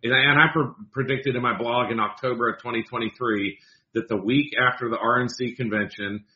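A man who is a guest commentator on a political talk show, speaking in a measured, deliberate way. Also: medium pitch, steady tone, pushed and bright, echoey room, highs cut off.

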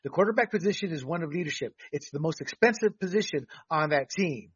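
A man's voice: fairly high pitch, expressive, fast, husky, dull audio. A man hosting a sports talk show, giving blunt, emphatic opinions with frequent fillers.

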